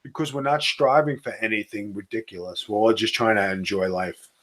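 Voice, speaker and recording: A man's voice: lowish voice, fairly even intonation, fairly quick, fairly bright tone. A man hosting a podcast, speaking in a laid-back way with short, plain sentences. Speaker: podcast host. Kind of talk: casual podcast chat.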